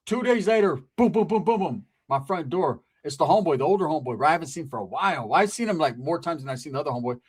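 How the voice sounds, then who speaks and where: Male comedian, lively rising-and-falling voice, slightly high, slangy and profane. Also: racing, hardly any pauses, slightly rough. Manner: animated, swearing street-slang storyteller. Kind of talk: stand-up storytelling.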